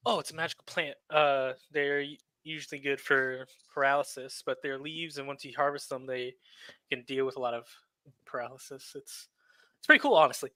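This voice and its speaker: A man's voice: medium pitch, fairly even intonation, a little fast, sharp tone, no echo. A man in a tabletop game speaking in character with a casual, offhand manner. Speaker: player. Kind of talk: in-character tabletop role-play.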